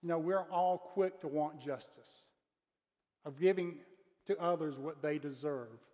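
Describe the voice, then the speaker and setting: A man delivers a sermon from the pulpit of a church sanctuary, speaking in an earnest, measured way. His voice sits somewhat high for a man, and he slows down to press on important words. The recording is dull and a little muffled, with a long reverb trailing off the walls. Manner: earnest, measured preaching with slowed emphasis on key words. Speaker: pastor. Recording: muffled sound with long reverb of a large room.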